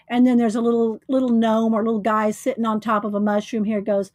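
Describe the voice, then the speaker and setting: A woman's voice: on the high side, normal speed, no room sound. A woman hosting a casual livestream, chatting, greeting viewers and laughing often. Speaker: livestream host.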